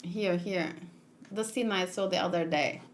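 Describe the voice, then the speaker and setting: A woman's voice: lowish voice, a little slow, slight background noise. A woman reading manga aloud and chatting casually between the pages, often laughing at herself. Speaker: manga read-along host. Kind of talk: casual read-along commentary.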